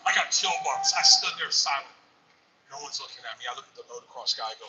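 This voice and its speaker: A male stand-up comedian telling a rowdy story, swinging from hushed asides to shouting. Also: a little high, fast, far from the mic, noisy background.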